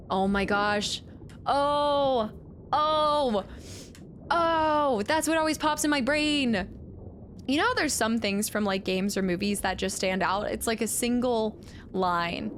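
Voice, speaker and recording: Woman streamer, casual gaming chat, slightly high voice, laughs often, faint background noise. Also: very animated, slow, fairly bright tone. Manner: chatty, laughs often, thanks viewers.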